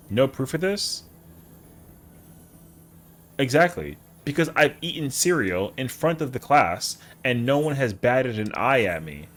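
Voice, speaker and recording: A man streams a game live, chatting with viewers in a casual, rambling, slangy way and answering the chat. His voice is mid-range and a bit bright.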